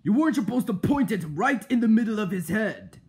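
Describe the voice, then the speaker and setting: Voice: medium pitch, very animated, fairly quick, a little mellow. A performer voicing a smug male pig scientist with a British accent, lecturing in a snide tone for a fan cartoon. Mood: explaining. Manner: lecturing, patient but snide. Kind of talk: fan-made cartoon voice acting.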